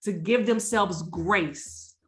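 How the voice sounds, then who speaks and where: A woman's voice: medium pitch, takes it slowly. A woman hosting a podcast, talking with enthusiastic, affirming emphasis. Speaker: podcast host. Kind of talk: casual chat.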